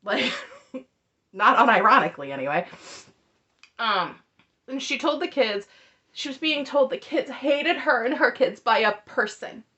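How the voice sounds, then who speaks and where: A woman with a fairly high voice talks through a reality-TV recap in casual commentary. She is chatty and sarcastic, throwing in asides as she goes, recording at a home setup. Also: expressive, unhurried, pauses often, sharp tone, dull audio.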